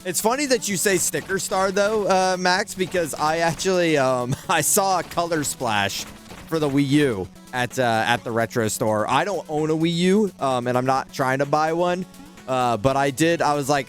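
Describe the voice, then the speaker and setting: A man's voice: fairly high pitch, moderate pace, soft background music. A man streaming a video game, chatting casually and animatedly, swearing freely and laughing often. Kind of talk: casual live-stream chat.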